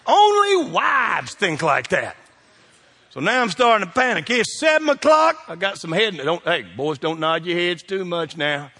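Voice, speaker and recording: A middle-aged man, a pastor telling funny stories in a sermon, folksy and animated, shouting his punchlines. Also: high voice, moderate pace, few pauses. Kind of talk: humorous sermon storytelling.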